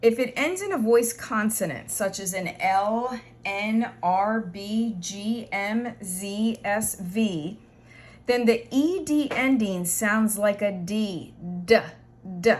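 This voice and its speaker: A woman gives an English grammar lesson in a mid-range voice. She explains slowly and patiently, repeating examples.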